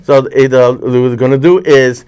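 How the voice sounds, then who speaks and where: A man's voice: medium pitch, darkish tone, clear, resonant tone. A man hosting a casual chat about movies and TV, rambling with many restarts and self-corrections. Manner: puts on quick voices when retelling scenes. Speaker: host.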